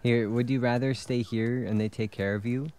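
A man's voice: mid-range voice, steady tone, normal speed, a little mellow. A man streaming a video game, chatting casually, laughing often and swearing freely. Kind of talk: casual gameplay chat.

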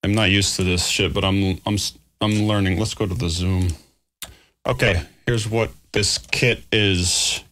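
A man's voice: deep voice, steady tone, unhurried, a bit bright. A man producing music on a livestream, talking to himself in a scattered way, swearing and mocking himself. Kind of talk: casual livestream talk while working.

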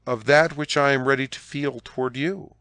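A man voicing a charming, cunning young soldier who speaks in smooth, flattering tones. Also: medium pitch, moderate pace, dry recording, studio quality, natural voice. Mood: coaxing.

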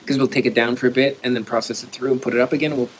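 A man's voice: mid-range voice, fairly even intonation, very fast, a little hiss or hum, rough recording. A man co-hosting a live community stream, talking in an easygoing, rambling way and laughing often. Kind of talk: casual live-stream chat.

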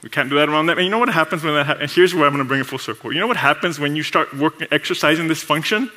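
An animated male pastor preaching in a casual, chatty way, slipping into quick voices for people at work. His voice sits a little high and rings bright and forceful. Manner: animated and conversational, laughs often; acts out coworkers' voices in quick asides. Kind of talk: sermon.

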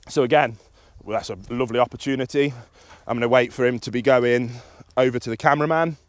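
A young man, a dog trainer, explaining a recall session in a calm and practical way, outdoors in an open field. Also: fast, slight background noise. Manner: explains calmly, then bursts into high excited praise for the dog.

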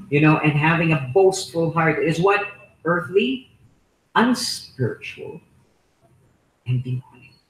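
A man's voice: on the high side, a bit bright, slight background noise. A man with a Filipino accent preaching a sermon, emphatic, repeating key words and asking the listeners rhetorical questions. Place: church hall. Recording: echoey room.

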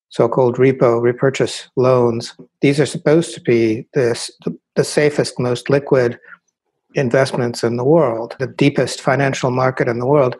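Male guest writer, Russian-born, husky, analytical, dry irony. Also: medium pitch, a little mellow. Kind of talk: interview answers.

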